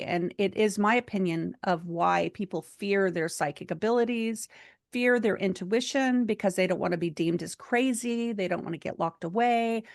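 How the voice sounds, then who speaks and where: Woman, gravelly voice, dry close sound, earnest chatty storytelling. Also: mid-range voice, no echo. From United States. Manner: earnest, chatty with many fillers. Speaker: seminar speaker. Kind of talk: personal storytelling in a talk.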